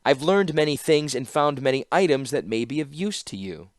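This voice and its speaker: A man voicing a proud, cunning woman artificer who speaks in formal, flattering address. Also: mid-range voice, moderate pace, dry recording, studio quality, voice pushed up, close to an everyday voice.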